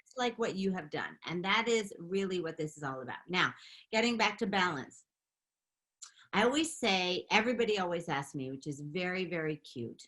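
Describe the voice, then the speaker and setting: A middle-aged woman telling stories in a casual interview, animated and quick to laugh. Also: lowish voice. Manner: animated, laughing, chatty storytelling. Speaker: interview guest, makeup artist and beauty founder.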